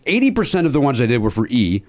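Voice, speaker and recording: Man, podcast host, casual comedy chat, profane storyteller, lively pitch. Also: fast talker.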